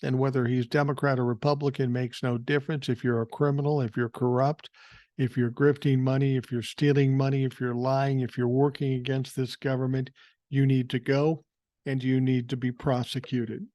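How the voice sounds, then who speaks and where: An older man hosts a podcast, riffing bluntly and with some swearing as he reads listener emails. His voice sits at an ordinary middle pitch. The sound is dry and close. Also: flat delivery, moderate pace, dark tone, dry recording. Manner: blunt, profane, opinionated, thinking aloud with fillers. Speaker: podcast host. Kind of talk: casual political commentary, reading listener emails.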